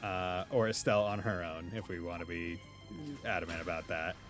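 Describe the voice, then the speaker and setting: A man's voice: low voice, flat delivery, normal speed, over music. A man from Rhode Island with a light Rhode Island accent, streaming a game in casual, rambling chat, laughing often and swearing now and then. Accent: light Rhode Island New England. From Rhode Island, USA.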